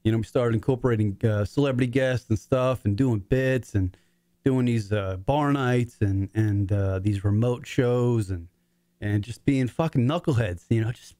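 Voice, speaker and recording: A man's voice: mid-range voice, moderate pace, dark tone. A middle-aged man hosts a talk show, rambling with heavy swearing. His voice cracks with emotion as he speaks. The sound is dry and close, with no room echo. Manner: rambling, profane, choked up. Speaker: podcast host. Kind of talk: emotional casual monologue.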